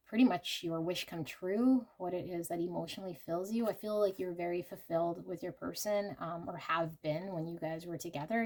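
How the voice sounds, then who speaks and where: A woman's voice: fairly low pitch, a little mellow. A woman giving a casual pick-a-card tarot reading to her viewers, emotional and chatty with many fillers. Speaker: tarot reader.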